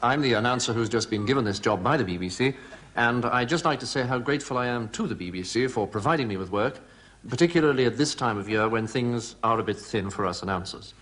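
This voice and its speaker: Mournful announcer. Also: male voice, medium pitch, fast talker, a bit bright, slight background noise. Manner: mournful, confessional, shaky.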